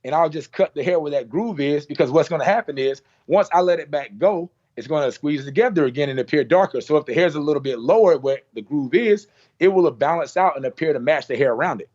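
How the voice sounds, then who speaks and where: A man's voice: on the high side, fast talker, darkish tone, highs cut off. A man teaching a hands-on haircutting class, talking through each move with repeated cues and playful sound effects. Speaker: barber educator. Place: salon.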